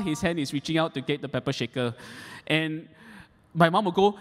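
Pastor preaching in a hall. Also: male voice, a little high, normal speed, fairly bright tone. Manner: repeats key points for emphasis. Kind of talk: sermon. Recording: echoey hall.

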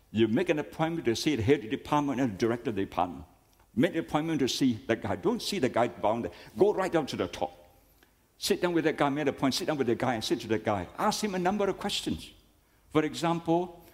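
A man's voice: fairly high pitch, in a large hall. A man with a Malaysian English accent preaching a sermon, emphatic and full of rhetorical questions, often calling his listeners friends.

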